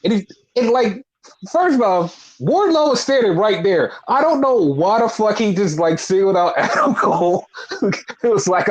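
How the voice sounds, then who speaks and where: A man co-hosting a casual wrestling recap podcast, blunt and profane, talking in an animated, opinionated way. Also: high voice, moderate pace. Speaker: podcast co-host. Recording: dull lo-fi podcast audio.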